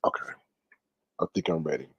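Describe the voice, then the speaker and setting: A man's voice: a little fast, a bit bright, dry recording, dull audio. A man hosting a casual livestream, ranting with exasperation, often sighing and talking straight to his viewers. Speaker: livestream commentary host.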